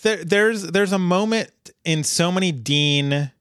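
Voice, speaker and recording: A man co-hosting a casual podcast, recapping a TV episode in a chatty, halting way with many restarts. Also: high voice, fairly bright tone, clear, resonant tone, no echo, studio quality. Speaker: podcast co-host.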